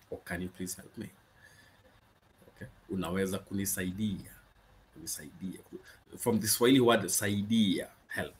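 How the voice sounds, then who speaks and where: A man teaching useful phrases in a casual lesson, patiently repeating each one slowly and checking in with frequent okays. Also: low voice, steady tone, a little hiss or hum. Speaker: Swahili language teacher. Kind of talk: casual spoken language lesson.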